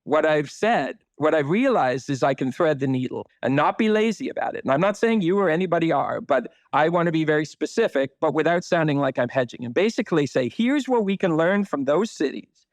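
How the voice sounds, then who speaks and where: A man's voice: a little high, lively intonation, brisk, no echo. A man speaking as a city planner guest in a conversational podcast interview, emphatic and blunt, with occasional swearing.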